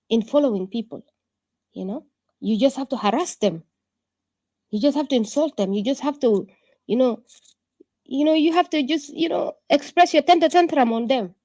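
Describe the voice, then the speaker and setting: A woman's voice: high voice, moderate pace, pauses often, dark tone, no echo. A woman giving an urgent political speech to an online room, full of rhetorical questions and repetition. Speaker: political activist addressing an online audience.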